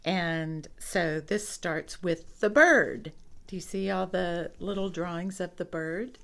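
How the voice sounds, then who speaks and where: A woman's voice: on the low side, creaky. A woman reading a picture book aloud to children, asking the listener questions about the pictures. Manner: slow, expressive, asks the listener questions. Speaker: storybook reader.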